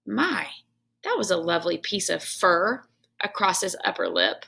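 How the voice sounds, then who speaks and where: A woman reading a children's book aloud at home. Her telling is expressive, with a lively rise and fall, a bright tone and a gravelly texture. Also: fairly low pitch, a little slow. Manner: expressive storytelling with home asides to her son. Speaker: reader.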